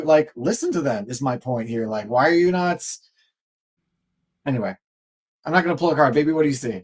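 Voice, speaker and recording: A man's voice: on the high side, expressive, a little fast, long pauses, slightly rough. A man co-hosting a live tarot stream, rambling through tangents with self-deprecating humor. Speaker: co-host, tarot reader. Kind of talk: casual chat on live stream.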